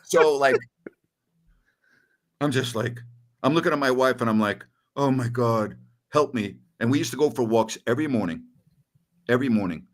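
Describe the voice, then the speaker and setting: A middle-aged man and sports radio host telling a story in casual podcast chat, animated and acting out voices. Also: medium pitch, normal speed, long pauses.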